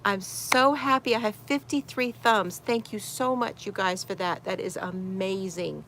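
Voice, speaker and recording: A woman's voice: mid-range voice, steady tone, measured pace, a bit bright, a little hiss or hum. A woman hosting a casual crochet livestream from her she shed, greeting viewers by name, reading chat comments aloud and laughing often. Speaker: crochet channel host.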